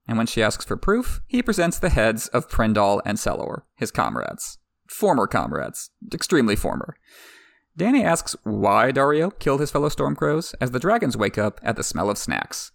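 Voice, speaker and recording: A man's voice: mid-range voice, sing-song, moderate pace, gravelly, dry recording, clean studio sound. A man recapping a fantasy book in a wry, irreverent way, swearing casually. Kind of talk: sarcastic story recap.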